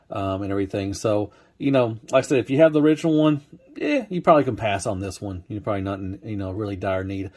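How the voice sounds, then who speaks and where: A young man talks through a toy in a loose, laid-back ramble, leaning on fillers and restarts as he goes. His voice sits at an ordinary middle pitch for a man, and his tone stays casual. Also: a little mellow. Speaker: toy reviewer.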